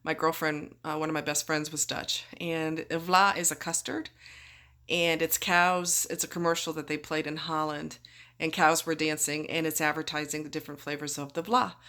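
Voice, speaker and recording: A woman's voice: low-pitched, little pitch movement, normal speed, sharp tone. A woman vlogging after surgery, groggy and chatty, rambling through her story and acting out what people said. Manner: chatty, rambling, acts out quoted voices. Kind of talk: casual storytelling.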